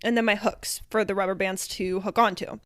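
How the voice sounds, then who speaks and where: A young woman co-hosting a podcast, telling a story in casual chat, animated, acting out the dialogue she quotes and often saying "like". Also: mid-range voice, fairly quick, no echo, clean studio sound. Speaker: podcast co-host.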